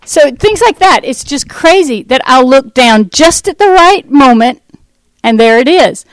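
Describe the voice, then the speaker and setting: Giving a personal faith testimony to a church, this woman ministry speaker uses a slightly high voice at a measured pace. She's a lively, rambling storyteller who acts out what people said, full of fillers and restarts. The recording is dry, close and rough.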